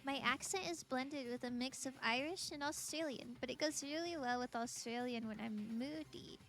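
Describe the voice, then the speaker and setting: Bright-voiced chatty American streamer woman. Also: high voice, normal speed. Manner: chatty, giggly, reading and answering chat. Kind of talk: casual game-stream chat. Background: faint game music.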